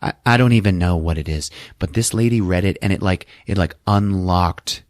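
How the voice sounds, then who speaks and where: A man's voice: deep voice, normal speed, no room sound, studio quality, natural voice. A man voicing an eager, insistent older woman who coaxes and urges. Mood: coaxing. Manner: coaxing, insistent.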